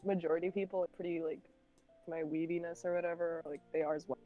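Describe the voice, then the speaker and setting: A woman's voice: lowish voice, fairly even intonation, fast, narrow, tinny audio, soft background music. A young woman chatting casually on a stream, telling long rambling stories full of "like" and giggles. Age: young adult. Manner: rambling storyteller, many "like"s, giggly. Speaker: guest.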